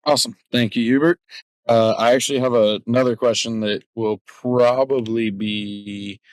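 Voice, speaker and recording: A man's voice: medium pitch, fairly even intonation, normal speed, no echo. A man hosting a community Q&A, passing questions along in an easygoing way. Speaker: host running a Q&A. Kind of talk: casual moderating.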